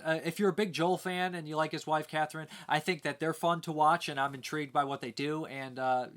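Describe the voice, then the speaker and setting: A man's voice: fairly high pitch, fairly bright tone. A man casually reviewing home video releases, rambling with lots of filler words. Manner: rambling, many "uh" fillers, easygoing.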